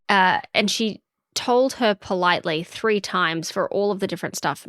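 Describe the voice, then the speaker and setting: A woman's voice: medium pitch, moderate pace, no echo, clean studio sound. A woman co-hosting a podcast, telling an outraged story in casual chat and acting out the people in it. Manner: animated, indignant storyteller who acts out quotes. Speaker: podcast co-host.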